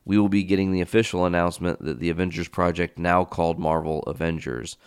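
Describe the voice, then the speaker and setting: Male podcast host, deep and resonant, casual rambling riffs, dry close sound. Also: steady tone, quick pace, smooth, no echo. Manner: rambling, enthusiastic riffing with fillers; casual swearing. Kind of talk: casual solo podcast talk.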